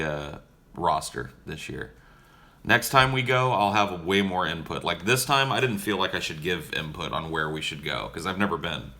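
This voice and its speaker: A man's voice: sits low, vocal fry, pushed and bright. A young man casually answering viewer questions on a livestream in a profane, joking, laid-back way.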